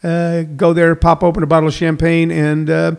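A man's voice: on the high side, completely flat delivery, moderate pace, vocal fry, darkish tone, smooth. A middle-aged man hosting a comedy podcast in a rambling, self-correcting way, full of fillers. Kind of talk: casual solo radio-style show.

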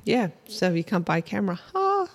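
An Australian woman co-hosting a podcast in casual, easygoing chat, quick to laugh. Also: fairly low pitch, vocal fry, a little hiss or hum. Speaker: podcast co-host.

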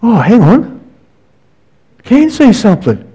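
A man doing an eager, high-pitched bold fisherman. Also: huge pitch swings, slow, warm tone, husky, full character voice. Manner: eager, urgent calling out. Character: bold excitable male disciple in a storm-tossed boat.

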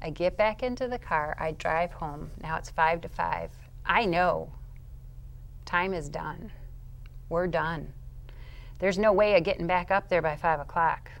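Woman telling a vivid faith testimony. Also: vocal fry. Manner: vivid storyteller who acts out her own past outbursts; moves between quiet, low narration and loud, high bursts. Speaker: interview guest. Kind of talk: personal faith testimony, storytelling.

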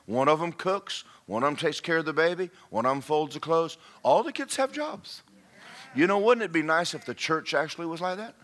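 Pastor, bright voice, tells jokes and shouts punchlines from the pulpit. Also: male voice, fairly high pitch, fairly quick, hardly any pauses. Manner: humorous storytelling, shouting punchlines. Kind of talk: sermon. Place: church sanctuary.

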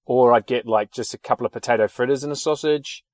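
A man's voice: medium pitch, quick pace, no room sound. Rambling New man, dry close mic. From New Zealand. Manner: rambling anecdotes with swearing and fillers. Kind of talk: casual chat.

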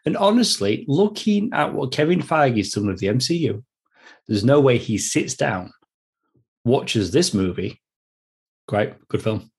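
Casting note: Australian male podcast co-host, slightly husky, emphatic opinions. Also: medium pitch, very animated, a little slow. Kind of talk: casual film review chat.

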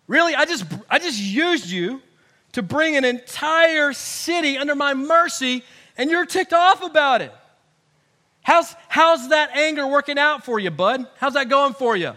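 A man's voice: very high-pitched, lively intonation, a little slow, voice pushed up, heavily acted. A man preaching, acting out God as a fatherly figure who ribs and then soothes. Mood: teasing. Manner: sarcastic ribbing, then soft and soothing. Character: God, fatherly male deity, teasing then tender.

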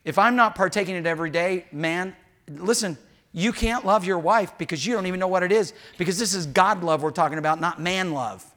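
Preaching to his church, this pastor talks frankly and slips in humorous asides, performing short snatches of dialogue as he goes. His bright voice is high, a bit above the typical male range, and he speaks fairly quickly.

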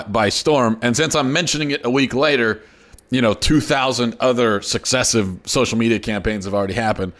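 Hoarse man hosting a sardonic podcast. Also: medium pitch, a bit bright. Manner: sardonic, halting with throat-clearing. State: losing his voice. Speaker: podcast host. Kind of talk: opinionated solo monologue.

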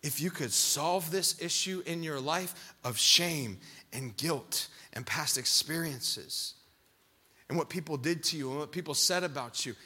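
A man preaching a sermon who swings from shouted pleading to hushed, low lines, acting out quoted voices and calling out to the congregation. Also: a little slow, husky. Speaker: pastor.

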